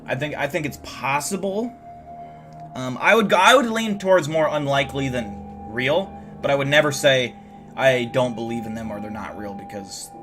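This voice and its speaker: A tired young man hosting a livestream, chatting casually with viewers in a rambling, profane way, full of restarts. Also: mid-range voice. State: tired, yawning. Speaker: livestream host. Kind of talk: casual chat, reacting to viewer messages.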